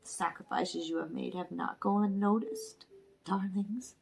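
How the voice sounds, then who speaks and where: A woman giving a spiritual tarot reading to her viewers, talking softly and emotionally, often half-whispering. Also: medium pitch, unhurried, vocal fry, a little hiss or hum. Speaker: tarot reader.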